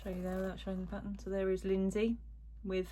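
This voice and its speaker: A woman's voice: mid-range voice, completely flat delivery, fast, noisy background. A woman chatting casually as she unboxes yarn on her crochet vlog, rambling with lots of little asides. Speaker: crochet vlogger. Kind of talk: casual chat while unboxing.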